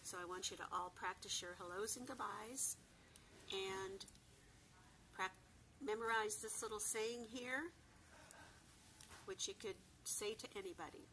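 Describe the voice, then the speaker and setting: A woman of ordinary pitch teaches a beginner Spanish class. She says each example slowly and goes over it again with care. The recording carries a clear layer of background noise. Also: pushed and bright, rough recording. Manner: slow, careful repetition of example phrases. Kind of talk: beginner language lesson.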